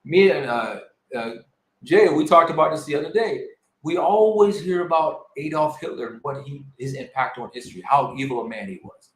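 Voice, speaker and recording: A man in his forties with a fairly high voice, making his points in an emphatic, worked-up way. The recording sounds echoey, like a bare room. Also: animated, normal speed. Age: 40s. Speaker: podcast co-host. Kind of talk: casual podcast discussion.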